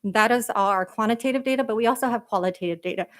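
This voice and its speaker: A woman's voice: a little high, very fast. A woman walks a school board through her equity report. Her delivery is earnest and emphatic, with frequent fillers between phrases. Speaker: school district equity director. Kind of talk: board meeting presentation.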